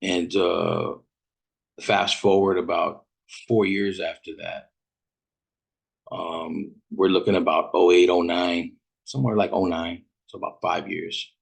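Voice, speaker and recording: A man's voice: sits low, flat delivery, slow pace, gravelly, slightly rough. A man from Fresno, California, hosting a podcast and telling a story in a casual, rambling way, full of profanity and street slang. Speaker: podcast host.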